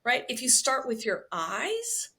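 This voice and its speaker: A woman's voice: fairly high pitch, huge pitch swings, measured pace, sharp tone. A woman speaking as a guest somatic healer on a podcast, explaining expressively and checking in with frequent "right?" asides. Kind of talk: conversational podcast interview.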